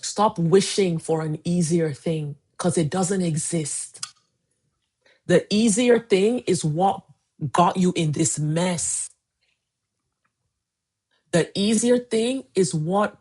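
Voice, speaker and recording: A woman's voice: lowish voice, takes it slowly, pauses often, a little mellow, breathy edge. A woman in her forties coaching on a casual livestream, emphatic and repeating key phrases. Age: 40s. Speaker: weight-loss coach. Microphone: phone livestream.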